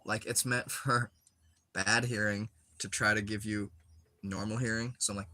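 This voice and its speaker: A man's voice: lowish voice, level tone, moderate pace, sharp tone. A young man chatting casually while he plays a game, rambling with lots of filler words and frequent giggles. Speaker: gaming streamer.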